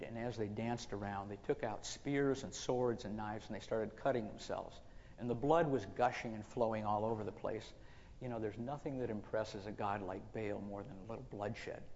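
A man's voice: lowish voice, darkish tone, in a large hall, dull audio. A male pastor telling a story in a sermon, folksy and conversational.

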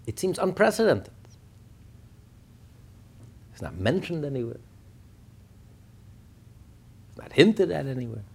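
A man gives a Torah lesson with a husky, gravelly voice. His pitch swings widely as he tells the story and asks rhetorical questions. He acts out every quoted speaker as he goes. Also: big pitch swings, normal speed. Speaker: rabbi teaching. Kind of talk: Torah class.

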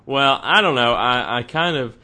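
A man's voice: mid-range voice, moderate pace, pushed and bright. A man co-hosting a casual fan podcast, talking in a chatty, rambling way with frequent restarts. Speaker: podcast co-host.

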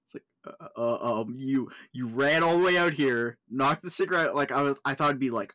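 A man's voice: mid-range voice, expressive, a little fast, few pauses, a bit bright, dry recording. A man talking casually about a film, rambling and restarting with lots of fillers.

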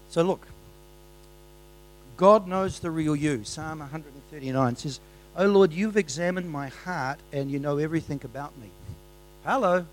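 Excitable New preacher, slightly high voice. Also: male voice, a little hiss or hum, poor audio. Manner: exuberant, swings between soft asides and loud bursts. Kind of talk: sermon. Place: church.

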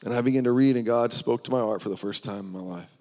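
A man's voice: mid-range voice, fast talker, darkish tone, long reverb tail. A man preaching, telling his personal testimony in an earnest storytelling way.

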